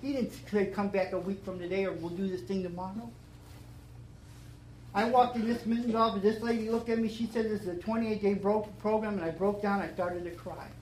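Middle-aged guy sharing his story at a meeting, earnest, repeats himself, gets loud and emphatic, echoey room, faint hum. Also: sits high, steady tone, fairly quick. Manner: earnest and repetitive, swelling to loud emphatic declarations. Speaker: speaker at a recovery meeting. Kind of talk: personal testimony to an audience.

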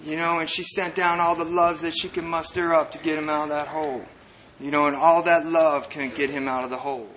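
Earnest, rambling man with a bright voice. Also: fairly high pitch, level tone, fairly quick, slight background noise. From United States (El Paso, Texas). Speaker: recovering addict sharing his story. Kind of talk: personal recovery testimony to a group.

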